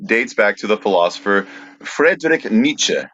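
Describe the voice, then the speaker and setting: A man hosting a podcast, dry and steady, explaining topics in casual chat. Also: on the low side, moderate pace, no echo, highs cut off. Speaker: podcast host.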